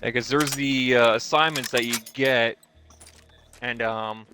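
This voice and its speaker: A man's voice: medium pitch, fairly even intonation, unhurried, pushed and bright, slight background noise. A man chatting casually with a friend while they play a game together, laid-back and matter-of-fact. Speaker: co-player on a game stream. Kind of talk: casual gameplay chat.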